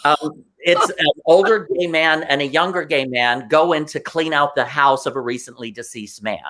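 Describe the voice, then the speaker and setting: A male talk show guest tells stories with animated, emotional energy, acting out the voices of the people in them. His voice sits on the high side and moves at a normal speed, and he comes across as excitable.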